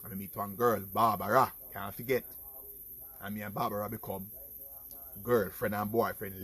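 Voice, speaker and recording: A middle-aged Jamaican man telling his own life stories in a casual vlog, animated and talking to his viewers as "people". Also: fairly low pitch, normal speed, slightly rough. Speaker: vlogger. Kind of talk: casual storytelling.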